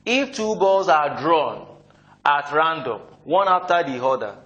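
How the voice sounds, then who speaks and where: A man's voice: on the high side, very animated, unhurried, a bit bright, highs cut off. A man teaching probability, who keeps asking "what?" and then answers himself. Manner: keeps asking the class "what?", answers his own questions. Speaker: math teacher. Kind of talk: classroom lecture. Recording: echoey room, voice slightly distant.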